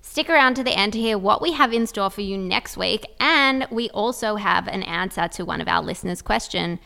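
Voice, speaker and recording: A young woman co-hosting a podcast interview. She talks in a chatty, informal way with a slight gravelly edge in her voice. Her tone stays casual throughout. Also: medium pitch, moderate pace, pushed and bright. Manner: chatty, informal, filler-heavy. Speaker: co-host.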